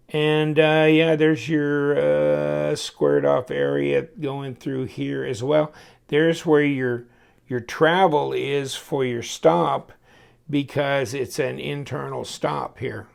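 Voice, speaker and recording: A man's voice: fairly high pitch, fairly even intonation, takes it slowly. A man chatting casually as he takes a knife apart, folksy and thinking aloud while he tinkers. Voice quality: gravelly. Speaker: knife reviewer. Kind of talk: casual hands-on review.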